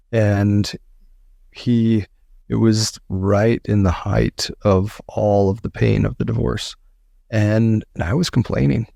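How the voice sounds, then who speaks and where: A man's voice: on the low side, gravelly, mellow, no echo, studio quality. A man speaking as an author and podcast guest, telling his story earnestly and repeating phrases for emphasis.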